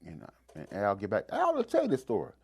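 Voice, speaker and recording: A man's voice: on the low side, quick pace, vocal fry, slightly rough. A man with a D.C. telling a long story in casual talk, acting out the voices of the people in it. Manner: animated, acts out voices in his stories.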